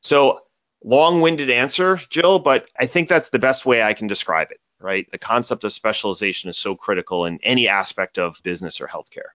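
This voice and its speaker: In a podcast interview, this man from a cybersecurity firm spins lively stories, often ending points with "right?". He has a lowish, sharp voice and speaks a little fast, and the recording is dry, dull and lo-fi.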